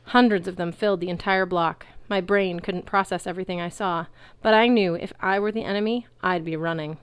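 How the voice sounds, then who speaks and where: Brief: woman reader for a fan audiobook, lowish smooth voice, dry close sound. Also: fairly quick, dry recording. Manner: lively, shouts the characters' cries. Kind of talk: reading a novel aloud.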